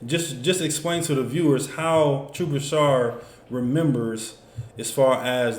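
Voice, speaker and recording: A man's voice: medium pitch, slow. A man teaching a class in a loose, conversational way, full of fillers and asides. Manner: loose, conversational, many fillers like "you know what I'm saying". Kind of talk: casual classroom instruction. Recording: echoey room with faint noise.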